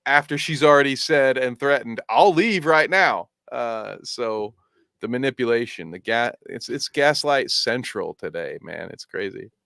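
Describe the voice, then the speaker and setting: A man's voice: medium pitch, normal speed, gravelly, sharp tone, clean tone, no room sound, studio quality. A man co-hosting a casual reaction show, giving blunt, profane opinions with a laugh. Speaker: podcast co-host.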